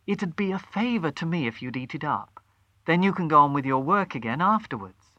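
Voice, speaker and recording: A gentle young housewife speaks softly and pleads with quiet courtesy, voiced by a male storyteller. Her voice rises and falls with a lively, bright tone, close and dry. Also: fairly high pitch, a little fast, no room sound, dull audio. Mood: pleading. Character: soft-spoken grieving young housewife.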